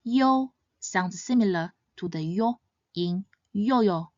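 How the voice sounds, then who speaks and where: A woman teaching Mandarin pronunciation in scripted narration, saying each example syllable louder and higher. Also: slow, no room sound. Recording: slightly dull, dry sound.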